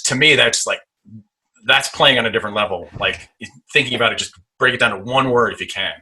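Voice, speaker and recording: A man's voice: mid-range voice, fairly quick, pushed and bright, slightly rough, low-quality recording. A man in casual podcast chat, telling a story in a chatty way. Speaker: comedian guest.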